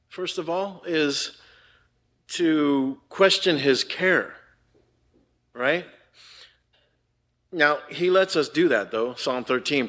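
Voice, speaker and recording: A man's voice: on the high side, fairly bright tone. Older male preacher, conversational sermon. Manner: conversational preaching, frequent "right?" and "man". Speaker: pastor.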